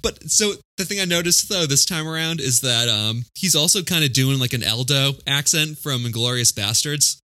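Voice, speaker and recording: A man's voice: medium pitch, moderate pace, hardly any pauses, sharp tone, dry recording. A man hosting a casual movie-chat podcast, blunt and profane, laughing often. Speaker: podcast host.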